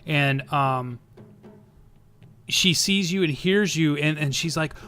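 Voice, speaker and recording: Bright-voiced man running a tabletop game. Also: a little high, a little slow. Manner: easygoing, prompting players with questions. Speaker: game master.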